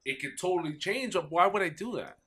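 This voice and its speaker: A man hosting a casual podcast, teasing his co-host with quick jokes. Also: high-pitched, lively intonation, bright, forceful tone, husky. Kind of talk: casual chat. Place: home basement studio.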